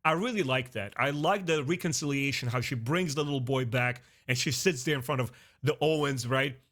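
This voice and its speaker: A man reviewing a TV series in a casual, earnest way, talking straight to his viewers and often pausing with "uh" and restarting. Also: mid-range voice. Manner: earnest and expressive, talks straight to viewers as "guys"; frequent "uh" fillers and restarts. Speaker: film and TV reviewer. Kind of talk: casual spoken review to camera.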